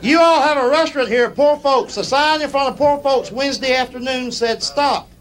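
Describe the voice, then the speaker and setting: A man's voice: very high-pitched, a little fast, a bit bright. A middle-aged man telling stand-up stories in a folksy, drawling way on a club stage. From United States. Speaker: stand-up comedian. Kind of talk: stand-up storytelling. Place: comedy club stage with live audience. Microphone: stage mic. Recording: live club recording, crowd noise. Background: audience laughter.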